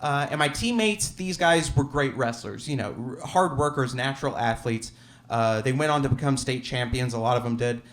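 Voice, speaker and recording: A man's voice: mid-range voice, normal speed, a bit bright. A man from Alabama telling a personal story on a theater stage, wry and self-deprecating, often chuckling as he talks.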